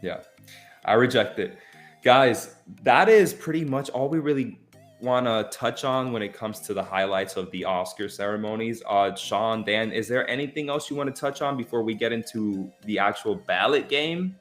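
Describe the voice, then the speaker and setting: A man hosting a casual film podcast, animated and repeating phrases for emphasis. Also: on the low side, moderate pace, faint music behind. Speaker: podcast host. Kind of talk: casual chat.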